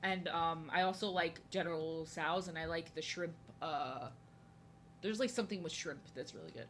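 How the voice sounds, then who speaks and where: A young woman streaming her art talks casually with her live chat as she draws, answering viewers and often repeating herself. Her voice is deep and a bit bright, at a normal speed, with a little hiss or hum in the background.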